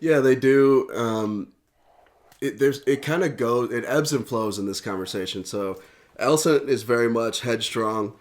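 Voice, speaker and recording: A man co-hosting a podcast, recapping a TV episode in relaxed, agreeable casual chat. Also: medium pitch, unhurried. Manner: relaxed, agreeable, with frequent fillers and restarts. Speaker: podcast co-host.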